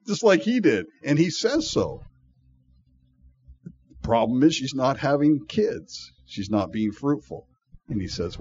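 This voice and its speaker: A man's voice: mid-range voice, animated, unhurried, long pauses, darkish tone, dull audio, slight background noise. A man preaching a sermon in a folksy, conversational way, with asides to the congregation. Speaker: pastor.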